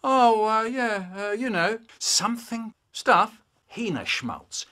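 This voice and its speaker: A man telling children's stories, spliced into a comedy remix, with animated delivery, sudden shouts and silly voices. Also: sits high, slow. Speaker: children's poet reading stories.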